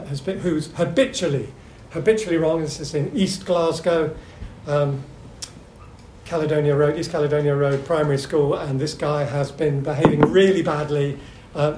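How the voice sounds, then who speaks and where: Middle-aged guy telling stories at a seminar, lots of ums, fairly high voice, roomy echo. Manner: hesitant, with many ums and restarts; lively storyteller. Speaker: seminar speaker. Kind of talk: anecdotal talk to a seminar audience. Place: echoey meeting room. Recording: echoey room with faint hum.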